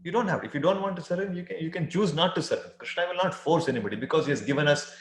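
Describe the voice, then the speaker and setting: A man giving a spiritual lecture on scripture, acting out quoted voices and pausing with fillers. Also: a little high, slight background noise. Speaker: spiritual teacher. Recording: echoey room.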